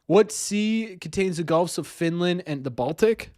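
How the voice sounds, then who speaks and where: Flustered young man, lively voice. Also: high voice, unhurried, dry recording, clean studio sound. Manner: flustered and self-mocking, thinking aloud. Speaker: streamer. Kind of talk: live stream chat.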